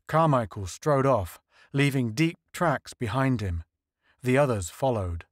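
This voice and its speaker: Measured male audiobook narrator. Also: mid-range voice, lively intonation, dry recording, studio quality. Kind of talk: scripted narration.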